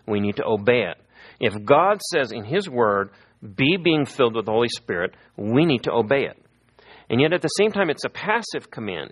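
A middle-aged man preaching a sermon as a pastor, telling stories and acting out the people he quotes. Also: medium pitch. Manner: lively storytelling, acting out quoted voices.

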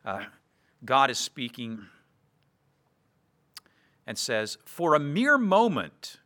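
A man preaching an expository sermon, earnest, slowing down to read scripture verses aloud. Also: medium pitch, big pitch swings, sharp tone.

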